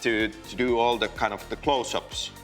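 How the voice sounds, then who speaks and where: A man showing a visitor around a game studio, explaining and directing her in a calm, patient, instructive way. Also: mid-range voice, normal speed, soft background music.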